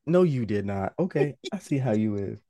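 A man co-hosting a podcast in casual, joking banter, his voice hoarse from recovering from an illness. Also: mid-range voice, expressive, normal speed, dark tone, no room sound. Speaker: podcast co-host.

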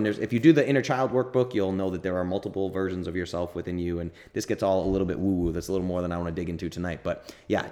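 A man's voice: deep voice, a little mellow. A man hosting a podcast, talking casually and candidly as he answers listener questions, often rambling and correcting himself. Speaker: podcast host.

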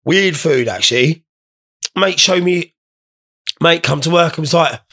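A man's voice: fairly high pitch, measured pace, pushed and bright. A young man hosting a casual podcast, rambling, swearing and joking while stoned. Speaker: podcast host.

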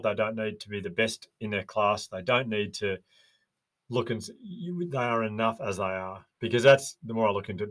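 A man's voice: lowish voice, a bit bright. An earnest man with an Australian accent, telling parenting stories as a podcast guest in casual chat. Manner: earnest, storytelling with quoted dialogue.

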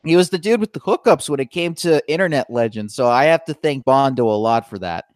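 A man's voice: mid-range voice, fairly quick, no room sound. A young man co-hosting a podcast, telling stories in casual chat, laughing often and acting out quotes. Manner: animated storyteller, laughs often, acts out quotes. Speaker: podcast co-host.

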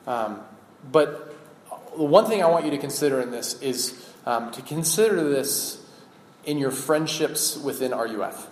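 A man in his thirties giving a relaxed sermon and telling a personal story, with frequent filler pauses. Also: medium pitch. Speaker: campus minister. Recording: echoey hall with faint background noise.

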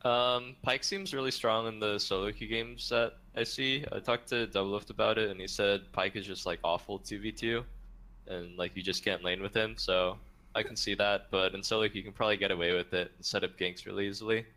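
A man appearing as a guest on a live stream, talking in a mumbled, low-key way. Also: steady tone, fairly quick, sharp tone. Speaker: guest player. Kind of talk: casual chat.

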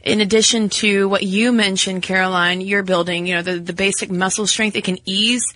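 A woman co-hosting a podcast, explaining things in casual chat with quick asides. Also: mid-range voice, fairly even intonation, a bit bright, dry recording, poor audio. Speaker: podcast co-host.

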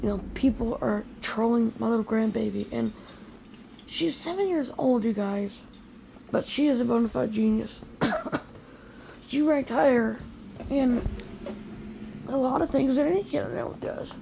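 Angry gravelly older woman ranting. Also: on the high side, unhurried, pauses often, noisy background. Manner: angry, scolding, emotional. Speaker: grandmother vlogger. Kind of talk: angry direct-to-camera rant. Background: quiet house at night.

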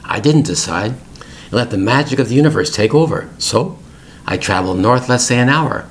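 A man's voice: medium pitch, animated, a little fast. A middle-aged man hosting an English-learning podcast, telling a family story in plain, repetitive words for learners.

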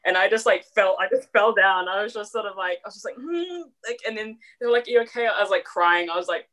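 Fast-talking young New Zealand woman. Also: medium pitch. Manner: rapid, animated storytelling with many fillers. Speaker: podcast guest, photographer. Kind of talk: casual chat.

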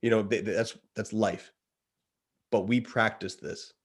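Man, thirties, lowish voice, earnest, animated storytelling, casual chat. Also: measured pace, breathy edge. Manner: earnest, animated retelling, says dude a lot. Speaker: guest.

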